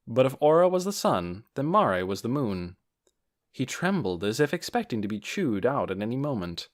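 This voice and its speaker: A man narrating a fantasy novel as an audiobook with expressive storytelling. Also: mid-range voice. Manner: expressive storytelling, varied intonation.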